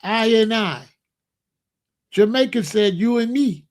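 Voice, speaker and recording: A man's voice: sits high, animated, takes it slowly. A man hosting a livestream, answering chat and lecturing insistently, repeating his points. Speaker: streamer host.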